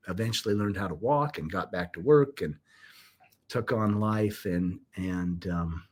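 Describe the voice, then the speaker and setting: A man's voice: medium pitch, a little mellow, breathy edge. Earnest middle-aged man telling his story. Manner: earnest, reflective, with frequent restarts. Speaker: podcast guest. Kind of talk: emotional personal storytelling.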